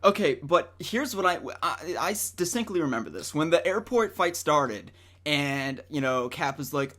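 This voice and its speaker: A man who is a guest in a casual movie debate. He is excitable and argumentative, with stumbling restarts. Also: fairly high pitch, moderate pace.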